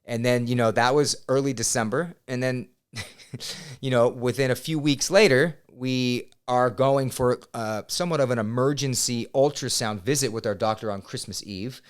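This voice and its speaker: Man, thirties, podcast guest; smooth clear voice, animated storyteller. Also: mid-range voice, moderate pace. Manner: animated, swears, quotes himself loudly. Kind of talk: casual storytelling. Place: podcast studio.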